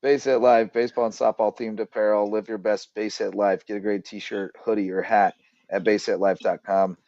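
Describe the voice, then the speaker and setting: A man's voice: fairly low pitch, level tone, moderate pace, creaky, a little mellow, no room sound, highs cut off. A man hosting a casual sports podcast, telling stories and reading sponsor plugs in a chatty, joking way. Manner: chatty storyteller, jokey, reels off sponsor plugs. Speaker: podcast host.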